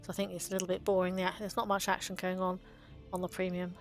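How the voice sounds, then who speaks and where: A woman's voice: lowish voice, completely flat delivery, fast talker, soft background music. A woman hosting a video about card game art, talking casually and fondly with frequent ums and little laughs. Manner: chatty and fond, with frequent ums and small laughs.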